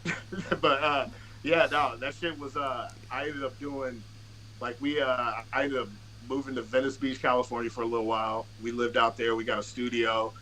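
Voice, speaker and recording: A man with a bright, forward voice spins loose, profane stories as a podcast guest, often restarting mid-sentence and slipping into quoted dialogue. His talk is casual and unpolished, full of fillers, with a faint hiss of background noise. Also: mid-range voice, flat delivery, moderate pace, rough recording. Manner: restarts and filler-heavy delivery. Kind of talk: casual storytelling.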